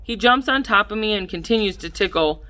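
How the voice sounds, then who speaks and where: Bright-voiced woman narrating an audiobook. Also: medium pitch. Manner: measured, lively in dialogue. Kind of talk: first-person audiobook narration.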